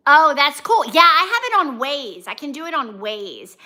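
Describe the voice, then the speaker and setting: A high-pitched woman with a bright, ringing tone chats casually on a livestream. She reads her viewers' comments aloud and answers them one by one, greeting people by name. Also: very animated, normal speed. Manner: chatty, talks straight to her viewers by name. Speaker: vlogger and livestream host.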